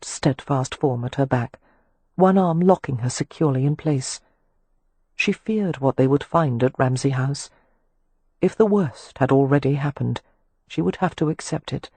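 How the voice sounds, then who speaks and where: A woman narrating an audiobook in a measured, even manner. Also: low voice, breathy edge, no room sound. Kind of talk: scripted narration of a historical romance.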